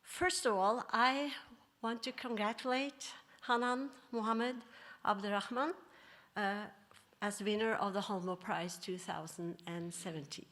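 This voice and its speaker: A woman professor giving a formal, prepared ceremony speech in a measured way, phrases trailing off softly. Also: mid-range voice. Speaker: professor and committee leader.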